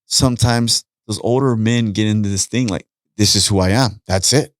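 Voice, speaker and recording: A lowish male voice at normal speed belongs to a middle-aged podcast guest who chats casually, telling energetic stories and acting out what people said.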